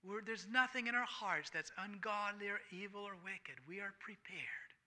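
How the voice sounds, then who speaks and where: A man preaching with a high, very bright and piercing voice. He swings from loud, emphatic passages down to hushed near-whispers. Scripture readings climb in fervor. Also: normal speed. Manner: reads scripture aloud with rising fervor. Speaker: pastor. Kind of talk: sermon.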